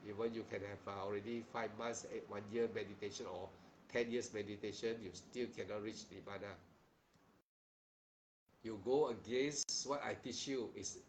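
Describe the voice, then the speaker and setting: A man's voice: lowish voice, steady tone, moderate pace, slight background noise, low-quality recording. A man teaching meditation and giving a dharma talk. He is stern and admonishing, repeats himself, and keeps asking "huh?" as a tag question. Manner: repeats phrases and restarts sentences in plain, simple wording.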